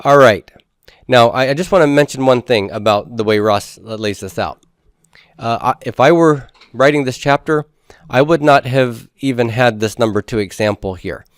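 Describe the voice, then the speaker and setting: A man's voice: mid-range voice, moderate pace, no room sound, clean studio sound. A man teaching a Hebrew grammar class, explaining step by step and putting questions to the class before answering them himself. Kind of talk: classroom lecture.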